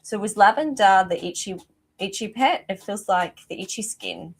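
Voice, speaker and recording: A middle-aged woman hosts a live psychic reading as an animal communicator. Her voice sits at an average pitch, and she talks in a warm, effusive stream that keeps stopping and restarting mid-sentence. A rooster crows outside her window. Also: expressive, moderate pace. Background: rooster crowing outside.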